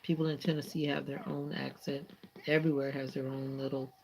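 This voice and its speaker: A woman's voice: extremely low pitch, flat delivery, fairly quick, darkish tone, a little hiss or hum. A woman hosting a livestream, chatting casually with viewers, asking them questions and closing with a blessing and a prayer. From United States. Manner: friendly, asks viewers questions, closes with a prayer. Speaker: livestream host. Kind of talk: casual chat answering viewer comments.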